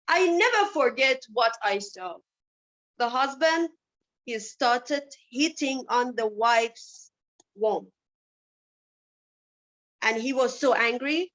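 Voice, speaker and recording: A woman's voice: high-pitched, animated, a little slow, sharp tone. A woman speaking at a summit, telling personal stories with passion and firing off rhetorical questions. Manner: impassioned, asks many rhetorical questions. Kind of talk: personal storytelling speech. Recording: dull lo-fi recording.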